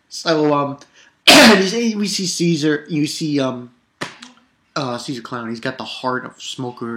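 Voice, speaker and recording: A man's voice: fairly high pitch, measured pace, pushed and bright, a little hiss or hum. A young man casually recapping a cartoon episode, rambling and swearing, with lots of fillers and restarts. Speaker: anime episode reviewer.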